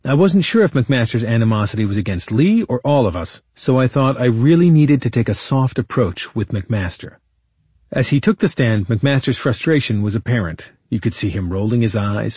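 A man narrating his own legal case as a first-person true-crime audiobook, in a measured, indignant storytelling manner. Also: medium pitch, lively intonation, warm tone, husky, dry recording.

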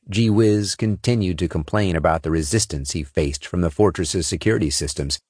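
A man narrating a science fiction audiobook in a measured, expressive read. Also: extremely low pitch, slightly rough, no room sound, studio quality. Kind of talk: scripted narration.

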